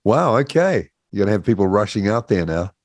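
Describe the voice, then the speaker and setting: A man's voice: fairly low pitch, big pitch swings, a little fast, no room sound, studio quality. A man hosting a breakfast radio show, chatting and joking easily with a guest. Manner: joking, easygoing banter. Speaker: radio host. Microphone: studio microphone.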